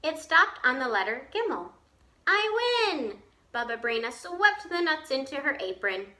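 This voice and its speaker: A woman teacher reading a children's picture book aloud, slowly and expressively, pausing to explain to her listeners. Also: sits high. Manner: slow, expressive storytelling with asides to listeners.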